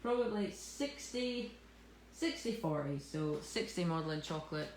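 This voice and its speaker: A woman with a lower voice runs a live cake tutorial, chatting and joking at her own expense as she works. Her voice rings in a roomy studio with faint ambience in the background. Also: expressive, normal speed, a little mellow, a little hiss or hum. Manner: jokey, self-mocking, chatty. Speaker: cake decorating instructor. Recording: echoey room with faint ambience.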